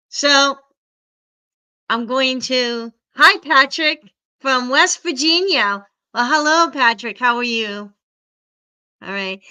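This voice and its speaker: A woman's voice: fairly high pitch, sharp tone, smooth. A woman hosting a casual livestream, greeting viewers by name and sounding a little stuffy from allergies. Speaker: livestream host.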